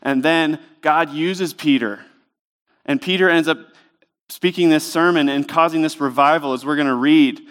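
A man's voice: on the high side, steady tone, normal speed, fairly bright tone, clear, resonant tone. A man preaching a sermon in a church, speaking in a conversational, emphatic way with lots of rhetorical questions. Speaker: pastor.

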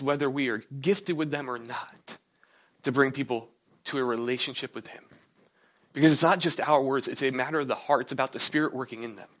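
A man preaching a sermon in a casual, conversational way, acting out quotes in a raised voice. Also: fairly bright tone. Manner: conversational preaching, acts out quotes with rising pitch. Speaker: pastor.

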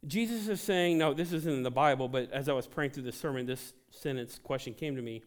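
A man preaching a sermon to a congregation, animated, with joking asides between scripture readings. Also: mid-range voice, fairly quick, few pauses. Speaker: pastor.

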